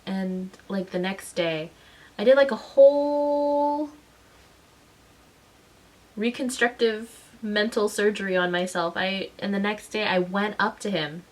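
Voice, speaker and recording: A mother and vlogger in a casual storytelling vlog, talking in an animated way and acting out the voices of people in her story. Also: medium pitch, unhurried, low-quality recording. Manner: animated, acts out quoted voices.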